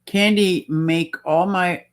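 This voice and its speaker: A woman's voice: fairly low pitch, steady tone, slow pace. A woman hosting a casual livestream, chatting and reading out viewer comments. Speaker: livestream host.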